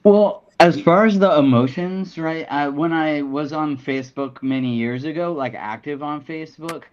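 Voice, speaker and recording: A man speaking in a hesitant, halting way in a casual meeting over a video call. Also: fairly high pitch, darkish tone. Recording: dull lo-fi audio.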